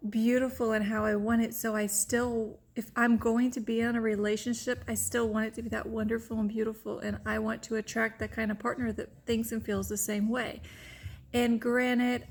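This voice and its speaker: A woman with a fairly high voice and plenty of gravelly fry in it, speaking candidly to the camera as a vlogger. She tells a personal story in an open, rambling way, leaning on "like" and "you know" as she goes.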